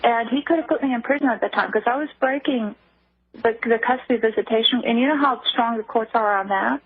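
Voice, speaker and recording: A woman guest speaking on a phone line in a radio interview, halting, with many restarts. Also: fairly high pitch, husky, no echo. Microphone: telephone. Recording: tinny phone line, dry.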